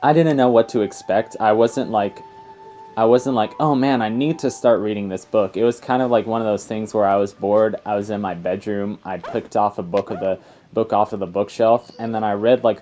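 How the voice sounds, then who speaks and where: A man's voice: lowish voice, mellow, slight background noise. A young man giving casual, rambling gameplay commentary as a let's player. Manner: rambling and chatty, full of fillers and tangents. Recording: game music faintly behind. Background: faint game music.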